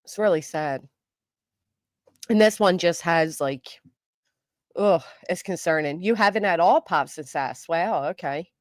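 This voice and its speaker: A middle-aged woman hosting a live stream, chatting casually with viewers, greeting them by name, and talking fast and loud. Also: fairly low pitch, dry recording, studio quality. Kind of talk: casual live chat, reading comments.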